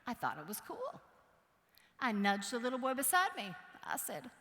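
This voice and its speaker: A woman from Wisconsin giving a motivational keynote speech, telling a story in a playful, animated way and acting out voices and sounds. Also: a little high, moderate pace, background noise. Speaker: keynote speaker. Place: large conference hall. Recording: long hall reverb.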